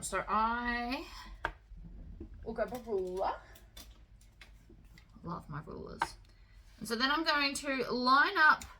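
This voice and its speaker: A woman hosting a sewing tutorial, talking through each step in a relaxed, chatty way with the odd um and uh. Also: on the high side, a little hiss or hum, low-quality recording. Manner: relaxed, chatty instruction with fillers.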